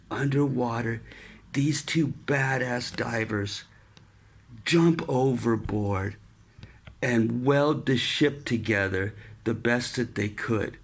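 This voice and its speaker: A man telling a casual story about his Navy days, loose and relaxed, dropping in swear words and "man". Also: medium pitch, takes it slowly, vocal fry. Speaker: podcast storyteller, Navy veteran.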